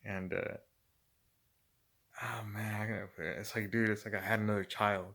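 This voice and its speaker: Speaking at a moderate pace in a lowish voice, a middle-aged man relaxes into stories about his job. He curses nonstop, bursts out laughing frequently, and acts the events out with lively energy.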